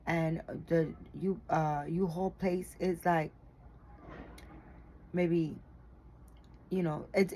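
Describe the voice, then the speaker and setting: Brief: woman vlogger, low-pitched, worn out and yawning, rambling chatty delivery, faint room ambience. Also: dark tone, slight background noise, rough recording. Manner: rambling, chatty, tired, with frequent fillers and swearing. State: tired and yawning. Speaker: doll collector vlogger. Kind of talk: casual chat to camera.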